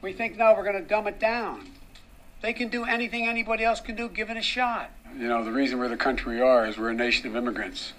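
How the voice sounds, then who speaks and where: An older male politician giving a campaign speech, halting and restarting often. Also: medium pitch, flat delivery, sharp tone, slight background noise.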